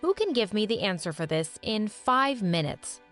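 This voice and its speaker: A woman voicing a brisk schoolteacher quizzing her class, in storybook narration. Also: medium pitch, very animated, fairly bright tone. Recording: music underneath.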